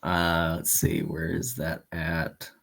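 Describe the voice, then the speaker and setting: A man running a tabletop game as game master, narrating in a relaxed, hesitant way. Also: deep voice, slow pace, creaky.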